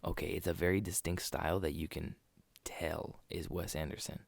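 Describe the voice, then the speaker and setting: A man's voice: deep voice, flat delivery, normal speed, creaky, no room sound. A man co-hosting a podcast, talking casually about movies, rambling and restarting his sentences. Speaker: podcast co-host. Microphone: desk podcast mic.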